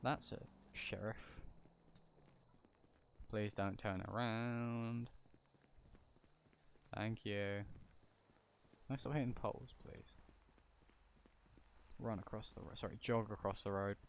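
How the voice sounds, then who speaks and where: A man's voice: on the low side, steady tone, slow pace, vocal fry, pauses often, slight background noise. A man casually commenting while streaming a game, chatty and joking as he talks to his chat.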